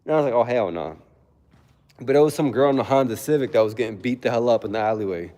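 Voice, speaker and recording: A man's voice: mid-range voice, fast, mellow, long reverb tail. Casual young man telling a story. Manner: laid-back storytelling, acts out quotes, laughs often. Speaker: livestreamer. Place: home.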